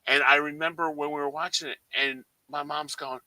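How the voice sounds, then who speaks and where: A man's voice: fairly high pitch, fairly even intonation, a little fast, bright, forceful tone, no echo, low-quality recording. A man co-hosting a movie podcast, telling stories in a rambling, casual way full of fillers. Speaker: podcast co-host. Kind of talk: casual chat.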